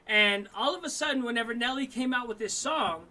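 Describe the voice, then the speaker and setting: A man's voice: very high-pitched, a little fast, sharp tone. A man from Denver hosting a live stream, chatting casually in slang and often repeating and restarting his words over a video call. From Denver, Colorado. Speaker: livestream host.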